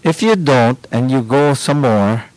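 Slow, deliberate male radio host. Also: medium pitch, animated, darkish tone, no echo, rough recording. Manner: slow, deliberate, explaining to listeners. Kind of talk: radio advice talk.

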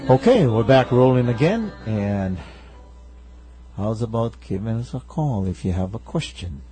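A man's voice: medium pitch, very animated, measured pace, mellow, faint music behind. A man hosting a call-in radio show in an easygoing, chatty way.

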